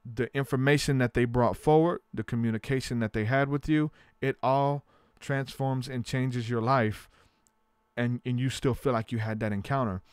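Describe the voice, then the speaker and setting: A man's voice: mid-range voice, clean tone, no room sound. A man hosting a podcast, telling stories in a casual, rambling way with lots of fillers. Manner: rambling storytelling with many fillers. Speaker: podcast host. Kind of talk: casual chat.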